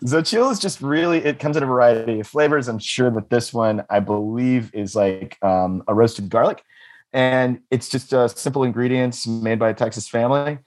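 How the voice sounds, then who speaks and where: A man's voice: medium pitch, moderate pace, a little mellow. A man in his thirties from the United States chatting casually, rambling and joking with lots of restarts and swearing. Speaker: co-host. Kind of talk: casual chat.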